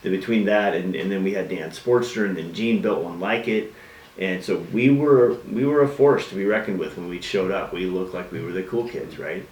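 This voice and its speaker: A man telling a lively story about his early days building custom bikes, acting out voices and engine noises in casual chat. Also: sits low, moderate pace, roomy sound, far from the mic, rough recording.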